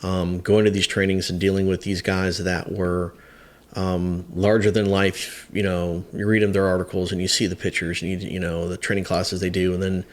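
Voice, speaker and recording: A very deep-voiced man in his fifties tells a story in a relaxed interview. He is a firefighter, candid and self-deprecating, and he often stops to restart with fillers along the way. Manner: halting, many fillers and restarts. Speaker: firefighter guest.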